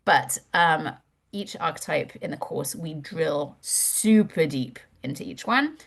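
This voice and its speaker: Animated woman with a low voice. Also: slow, vocal fry, breathy edge. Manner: animated, candid, casual swearing. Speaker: course instructor. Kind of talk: webinar presentation.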